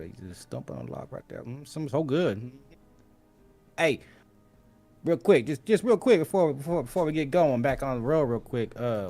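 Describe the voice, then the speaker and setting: A man voicing a folksy, food-loving male rabbit adventurer who talks in a drawn-out, savoring way. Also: medium pitch, a little mellow, close to an everyday voice.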